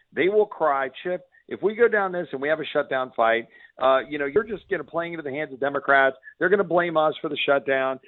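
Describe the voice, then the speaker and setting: A man's voice: fairly high pitch, no room sound. A fiery, emphatic man from Texas calls in to a radio show, trips over his words and starts sentences again. His voice comes through a tinny, narrow phone line with no room sound at all. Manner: fiery, emphatic, many restarts. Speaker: congressman guest.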